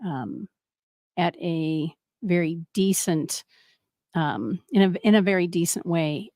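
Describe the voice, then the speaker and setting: A woman's voice: lowish voice, takes it slowly, a little mellow, no echo, clean studio sound. Woman host asking thoughtful questions. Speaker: radio show host. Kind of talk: interview conversation.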